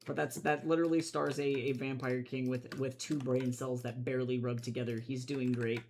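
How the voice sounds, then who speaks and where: A young comic artist chatting through a casual drawing livestream. The voice jumps from loud, squealing excitement to low, self-mocking mutters. The speech sits in a middle pitch and stays jokey throughout. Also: moderate pace, slight background noise.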